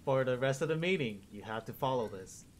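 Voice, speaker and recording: A man narrating a tabletop game as dungeon master, slow and hesitant with restarts. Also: medium pitch, lively intonation, slight background noise.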